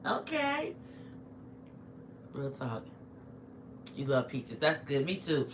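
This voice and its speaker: This middle-aged woman has a deep voice whose pitch swoops wildly, and she talks slowly. She's livestreaming casually from home, eating as she chats with viewers, with her phone capturing echo and faint noise.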